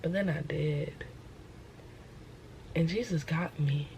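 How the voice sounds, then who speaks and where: A young woman hosting a casual vlog preaches about her faith, pushing her points and repeating them for emphasis. Her voice is warm, fairly low and slow, with faint room noise humming beneath poor-quality audio.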